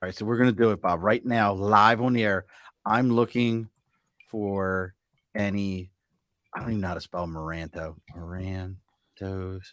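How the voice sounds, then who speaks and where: A man's voice: on the low side, quick pace, hardly any pauses, a bit bright, no echo, clean studio sound. A man hosting a podcast in casual chat, joking and self-mocking as he talks. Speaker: podcast host.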